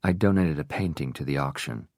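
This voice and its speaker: A man voicing a grieving widow who answers in a measured, pointed way. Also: rumbling low, a little mellow, no room sound, studio quality. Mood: cool, guarded. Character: grieving widow, guarded and cool.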